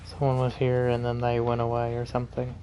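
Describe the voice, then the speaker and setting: A man chats through a game stream in an even, monotone voice, grumbling about bad luck and tricky opponents. His tone is mellow and a little tired, with a faint hum behind him. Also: medium pitch, a little fast. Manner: chatty, complaining about the game. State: tired, yawning. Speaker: gaming streamer. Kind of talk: casual gameplay commentary.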